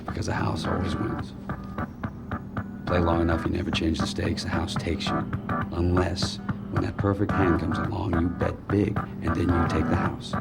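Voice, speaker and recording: Trailer voice-over: a hard-bitten ex-con gambler, very deep, flat delivery, loud score under it. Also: male voice, moderate pace, gravelly. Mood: grim. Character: hardened male gambler fresh out of prison. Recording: loud music score behind voice.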